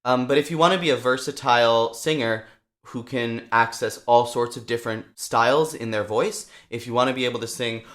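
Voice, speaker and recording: Brief: young male vocal coach, lively, mid-pitched, talks through a singing lesson and shows sounds with his voice. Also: a little fast.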